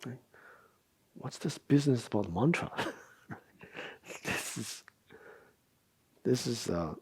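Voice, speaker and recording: A middle-aged man giving a Buddhist dharma talk as a meditation teacher. He explains things at an unhurried pace, asking rhetorical questions and often adding "right?". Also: mid-range voice, expressive, a little mellow, husky.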